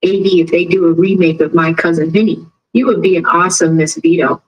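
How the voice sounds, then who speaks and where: A woman with a lowish voice talks a little fast over dull audio while hosting a casual live stream about a trial. She chats with viewers and tells stories animatedly, acting out the people she quotes.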